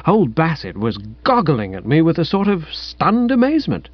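A man's voice: fairly high pitch, wildly swooping pitch, normal speed, hardly any pauses, no echo. A man narrating a comic story in the first person with an airy, wry manner. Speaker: audiobook narrator. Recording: dull, dry, lo-fi sound.

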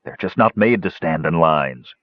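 A man's voice: very deep voice, lively intonation, normal speed, no echo. A man voicing a jovial male hill dwarf in an audiobook, in a blunt, amused way. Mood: wry. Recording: dull lo-fi recording.

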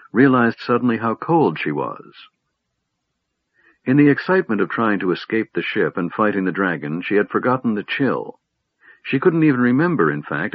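A man reading a fantasy novel aloud as a narrator, in a measured storytelling manner. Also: sits low, no room sound. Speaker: audiobook narrator. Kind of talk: scripted narration with character voices. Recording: dull, lo-fi, dry sound.

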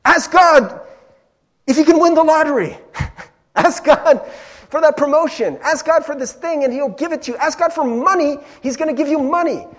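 A man's voice: very high voice, normal speed, pitched above the performer's own voice. A man mimicking an over-eager male prosperity preacher promising riches. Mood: mocking.

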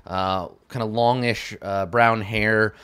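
A man narrating as game master in a tabletop game, halting and full of fillers. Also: lowish voice, fairly even intonation, a bit bright, clear, resonant tone.

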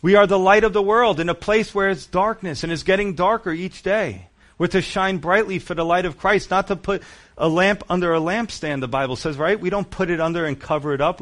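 A man preaching a sermon, reading verses aloud and explaining them with emphatic, animated asides. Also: on the high side. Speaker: pastor.

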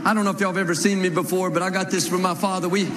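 A man's voice: sits high, level tone, racing, music in the background. A man preaching a sermon in a church, leading the congregation in call-and-response and telling folksy jokes. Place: large church. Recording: noisy live church recording.

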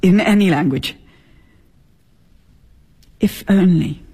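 A bitter sharp-tongued wife. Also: female voice, lowish voice, takes it slowly, breathy edge, exaggerated voice. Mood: bitter, grieving. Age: middle-aged. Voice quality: cutting, sarcastic. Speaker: wife and mother. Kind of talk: radio drama acting.

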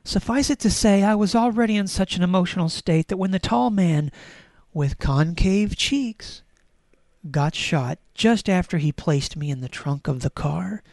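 A woman's voice: fairly low pitch, moderate pace, a little mellow, no room sound, close to an everyday voice. A woman reading aloud the diary of a grieving wheelchair, in a mock-tragic manner. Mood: mournful. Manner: mock-tragic, breaking into giggles. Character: grieving melodramatic wheelchair, lamenting.

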